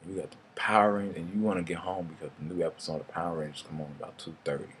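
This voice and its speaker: A man's voice: sits low, flat delivery, very fast, a bit bright, a little hiss or hum. A young man, telling rambling, casual stories and swearing freely in a vlog. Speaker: vlogger. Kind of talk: casual storytelling monologue.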